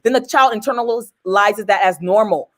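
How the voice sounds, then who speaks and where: A woman's voice: mid-range voice, moderate pace. A woman speaking as an advocate and co-host in a talk podcast, making her point earnestly and emphatically, often quoting what other people say. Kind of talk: passionate conversational commentary.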